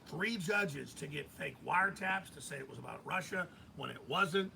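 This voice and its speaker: A man's voice: a little high, expressive, moderate pace, vocal fry, background noise. A middle-aged man as a radio host, giving heated political commentary in an intense, emphatic ranting manner.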